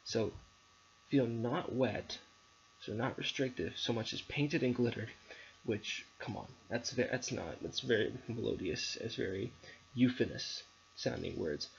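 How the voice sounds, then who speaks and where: A man's voice: fairly low pitch, moderate pace, gravelly. A young male student giving a hesitant spoken analysis of a poem, with many ums and restarts. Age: young adult. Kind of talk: recorded literary analysis presentation. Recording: dull lo-fi recording with faint background noise.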